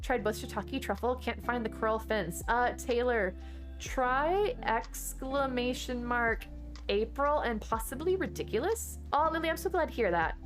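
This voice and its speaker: Woman game streamer, from Texas, chatty, answers chat, higher voice, faint music behind. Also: expressive, fairly quick, few pauses. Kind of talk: casual live-stream chat.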